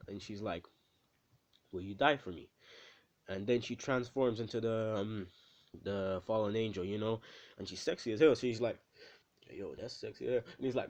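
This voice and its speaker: A man's voice: lowish voice, darkish tone, muffled recording. Rambling man retelling an anime story. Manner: rambling, many fillers, quick asides to the listener.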